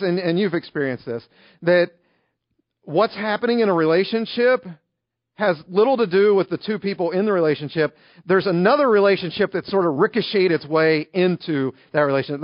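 A man delivers a sermon in an easygoing, conversational style, leaning on everyday stories. His voice sits high for a man. The recording is dry and a little dull, with no room sound. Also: a little fast, no room sound. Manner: conversational, illustrative storytelling. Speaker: pastor.

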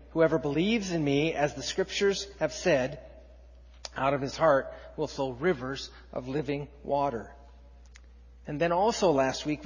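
A man preaching a sermon, reading scripture aloud with rising force and dropping to quiet emphasis. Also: fairly high pitch, breathy edge. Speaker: pastor. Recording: dull, muffled sound in a long-reverb hall.

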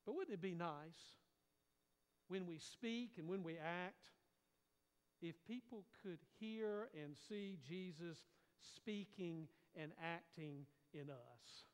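A middle-aged man from North Carolina, preaching a folksy sermon that drops to a hush for suspense and then swells. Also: a little high, slow, smooth. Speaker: pastor. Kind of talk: storytelling sermon. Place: church sanctuary. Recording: long reverb of a large hall.

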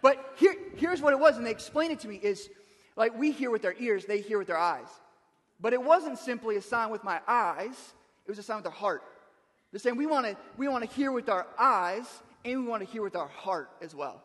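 A man with a high voice preaches to his congregation in a conversational way, often restarting and asking "right?". His voice rings with long reverb in a church sanctuary. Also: lively intonation, brisk, a bit bright. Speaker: pastor. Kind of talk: sermon.

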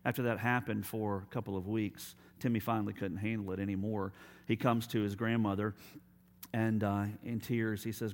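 A man preaching a sermon as pastor, telling stories and dropping to quiet, emphatic appeals. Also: on the low side, level tone, moderate pace.

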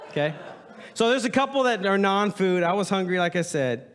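A male pastor preaching in a church hall, his voice trailing off into a long reverb. He speaks a little high for a man and swings his pitch widely, joking and hamming up what he reads aloud. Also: expressive, normal speed, a bit bright, a little hiss or hum. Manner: playful, joking, reads aloud with mock drama. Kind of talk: humorous sermon to a congregation. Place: church sanctuary.

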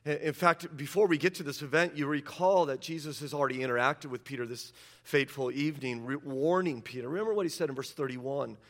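A man delivers a sermon in a bright, forceful voice that sits a little high for a man. He tells the scripture story with emphatic energy and slips into the characters' words as he preaches. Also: fast talker. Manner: emphatic, animated retelling that acts out quotes. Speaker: pastor.

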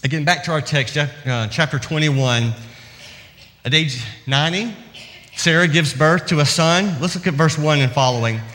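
A man preaching a sermon, reading scripture and stories with expressive, emphatic delivery and dramatic pauses. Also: a little high. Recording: long hall reverb.

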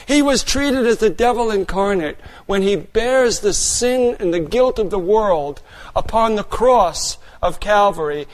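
A man preaching a sermon as a pastor, earnest, moving between raised passages and quiet, hushed ones. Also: high-pitched.

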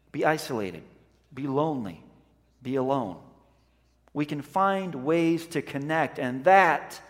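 A man's voice: on the high side, big-room sound. A man preaching a sermon as pastor, earnest and conversational, telling a story and acting out voices in it.

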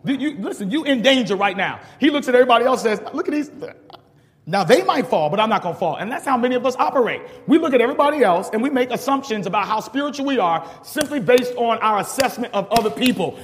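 Emphatic high-voiced preacher, echoing hall. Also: male voice, animated, fast. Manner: emphatic and repetitive, building to shouted warnings. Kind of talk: dialogue sermon.

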